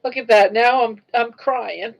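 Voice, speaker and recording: A woman's voice: fairly high pitch, measured pace, creaky, poor audio. An older woman hosting her own live stream, chatting casually and reacting aloud to viewer comments. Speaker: livestream host.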